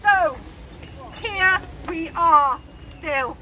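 A woman's voice: very high voice, very slow, bright, forceful tone. A woman in her sixties giving an earnest, emotional public speech at a rally, reading statements aloud. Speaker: campaigner speaking at a rally. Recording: noisy outdoor recording.

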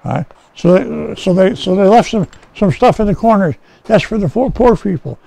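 An animated, high-pitched male voice with vocal fry and a dark tone comes through a low-quality recording at a moderate pace. It belongs to a pastor teaching the Bible informally in a rescue mission chapel, folksy and conversational, restarting often and checking in with "okay?"

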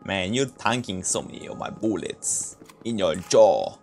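A man streaming a shooter game with viewers, reacting excitedly and swearing, his voice jumping high when shocked. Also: a little slow, slight background noise. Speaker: gaming streamer. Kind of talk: casual live game commentary.

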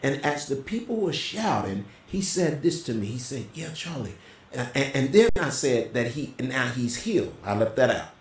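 A middle-aged man telling a personal testimony in a casual, animated way, as a co-host. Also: normal speed, few pauses. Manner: animated storyteller, voice jumps high when quoting. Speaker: prophet and co-host. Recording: roomy echo.

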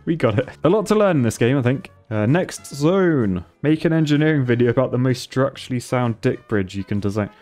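A man's voice: medium pitch, lively intonation, fairly quick, hardly any pauses, darkish tone, faint music behind. A man commentating his gameplay on a stream, thinking aloud and laughing often.

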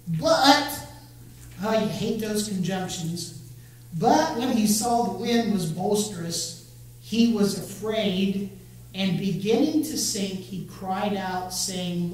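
A man preaching a sermon, expressive and talking straight to the congregation, urging them to join in. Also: high-pitched, slow. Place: church sanctuary. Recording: very echoey church, voice from far off the mic, faint hum.

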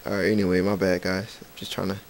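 A man's voice: low voice, monotone, fast, gravelly. Rambling man narrating his gameplay. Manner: rambling, playful, talks to game characters. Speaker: gaming channel host. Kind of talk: casual let's play commentary. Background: faint game music.

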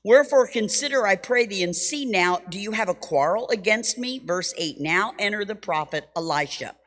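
Woman Bible teacher, mid-pitched voice, animated storyteller with wry asides, long church reverb. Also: normal speed. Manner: lively storytelling, reads scripture with drama; humorous asides. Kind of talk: teaching sermon.

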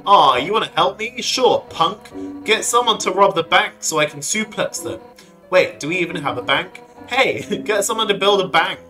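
A streamer voicing a loud, brash monster police chief from a video game, barking at a kid with punchy energy. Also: medium pitch, animated, moderate pace, faint music behind. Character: brash tough fish-woman police chief.

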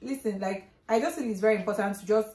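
Fast-talking young woman, echoey room. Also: mid-range voice, darkish tone. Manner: emphatic, repeats points, acts out quoted exchanges. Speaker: vlog co-host giving advice. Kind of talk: casual advice chat.

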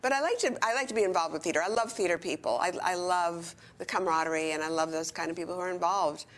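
An older woman chatting enthusiastically as an interview guest in a retirement community. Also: lowish voice. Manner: chatty and enthusiastic, quick bursts. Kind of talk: casual chat.

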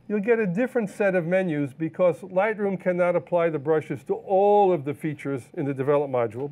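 Man demonstrating photo-editing software. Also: a little high. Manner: relaxed, explanatory, with fillers and self-corrections. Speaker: photography instructor.

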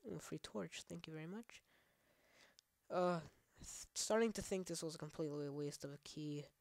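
Brief: low-voiced woman, casual let's play host, rambling and profane. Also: normal speed, gravelly, darkish tone, no room sound. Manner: rambling, profane, many fillers; trash-talks the game. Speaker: gaming channel host.

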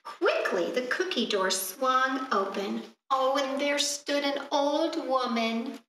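Librarian lady doing storytime, high bright voice, bouncy, echoey room from far off. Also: slow pace, hardly any pauses, slight background noise. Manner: expressive, asks the children questions. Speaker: children's librarian. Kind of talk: storytime read-aloud.

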